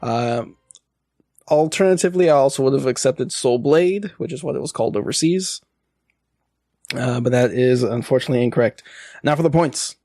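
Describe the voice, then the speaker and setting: A man's voice: medium pitch, moderate pace, warm tone, no room sound, faint music behind. Man reading quiz questions. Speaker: podcast co-host running the trivia. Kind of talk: casual podcast quiz hosting.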